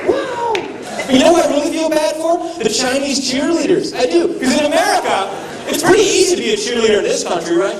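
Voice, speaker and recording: A man doing a stand-up comedy set, animated and mocking, acting out little voices. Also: very high-pitched, brisk. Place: live comedy venue with audience. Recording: echoey room, mic from a distance, crowd audible.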